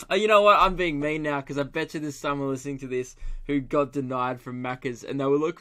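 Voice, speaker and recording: A man's voice: a little high, moderate pace, pushed and bright. Australian man ranting with sudden laughs. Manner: ranting, swearing, laughing at own jokes. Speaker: podcast host, comedian. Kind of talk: solo comedy podcast rant.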